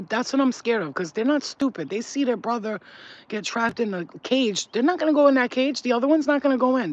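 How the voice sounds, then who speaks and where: Blunt, chatty man with lo-fi sound. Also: high-pitched. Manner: chatty, blunt, swears freely. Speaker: livestream spiritual reader. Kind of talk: casual livestream chat.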